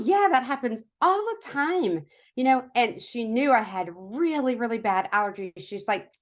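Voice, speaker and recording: A woman in her forties telling a casual, chatty testimonial story, self-mocking and full of fillers. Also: mid-range voice. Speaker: product testimonial speaker.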